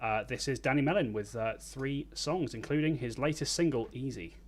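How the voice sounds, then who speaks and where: A man's voice: mid-range voice, moderate pace. Guy cohost introducing acts, bit self-deprecating, trips over words. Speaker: co-host. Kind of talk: casual online show chat.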